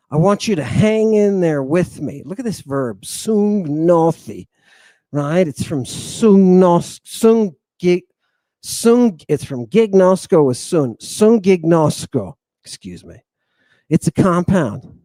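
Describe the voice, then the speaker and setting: A man's voice: fairly high pitch, darkish tone, dry recording. A man hosting a lecture on ancient Greek words, enthusiastic and digressive, who calls his listeners "people," stumbles over terms and corrects himself. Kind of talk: livestream lecture, talking to viewers.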